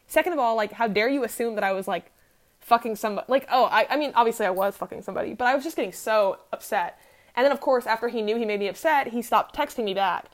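A woman's voice: a little high, fast. A young adult woman telling a personal story on her podcast in a candid, profane, rambling way, full of fillers. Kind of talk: casual storytelling.

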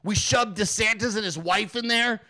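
Fired-up guy swearing nonstop, raspy edge, kinda high voice. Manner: excitable, swears constantly, rapid-fire pitching. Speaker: show host. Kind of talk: profane comedic rant.

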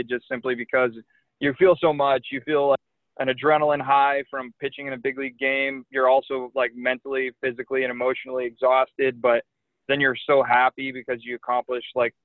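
A young man, a professional pitcher, telling a lively anecdote in casual chat, full of "like" and "you know". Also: no echo. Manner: animated anecdote telling with many likes and you knows. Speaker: guest, pro baseball pitcher. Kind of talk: casual storytelling. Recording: tinny phone line.

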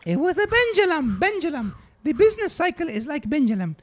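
A man plays an 84-year-old grandmother with a high, thin voice. She speaks slow, broken English, doting one moment and blunt the next, in an improvised podcast comedy bit. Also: sing-song. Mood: teasing.

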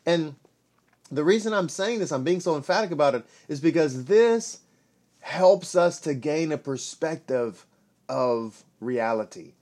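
A man giving an emphatic, animated Bible teaching, often repeating himself for stress. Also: fairly high pitch, a little slow. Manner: emphatic, repetitive, animated delivery.

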